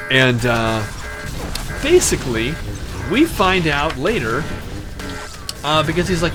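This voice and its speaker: A man's voice: fairly high pitch, very animated, measured pace, pauses often. A male streamer telling a long, rambling, profane story and breaking off to talk to his chat. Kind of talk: casual storytelling on a live stream. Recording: clear music in the background.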